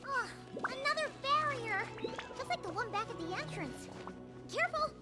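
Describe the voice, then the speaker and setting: A woman voicing a tiny, bossy, excitable floating girl companion in a video game, with a shrill, squeaky voice and scolding warnings. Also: moderate pace. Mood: alarmed. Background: game music.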